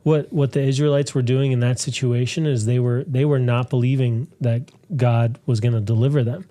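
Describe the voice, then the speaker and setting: A man's voice: medium pitch, fairly even intonation, fairly quick, mellow. A man co-hosting a church talk show who earnestly explains scripture in a casual discussion. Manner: earnest, quotes scripture, builds points steadily.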